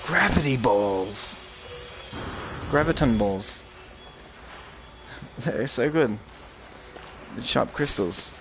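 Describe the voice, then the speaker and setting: A man's voice: mid-range voice, expressive, very slow, creaky, pauses often, background noise. A man streaming a VR game, who riffs in crude, rambling jokes as he plays. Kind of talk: casual game commentary.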